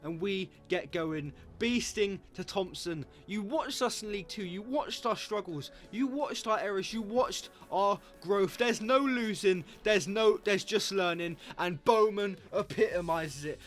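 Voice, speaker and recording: A young man commentates a football video game in a jokey, excitable way. His voice sits high and leaps higher when something surprises him. Faint music plays underneath. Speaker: gaming YouTuber.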